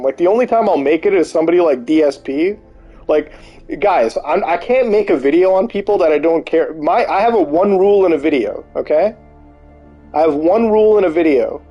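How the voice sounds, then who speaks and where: A man streaming live, reading posts aloud and reacting with disbelief and swearing. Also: fairly high pitch. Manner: incredulous, swearing, reacting out loud.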